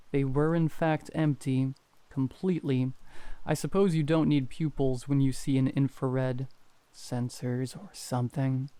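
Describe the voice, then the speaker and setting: A man calmly reading horror stories aloud as a scripted narration. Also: medium pitch, clear, resonant tone, dry recording. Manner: calm, even reading.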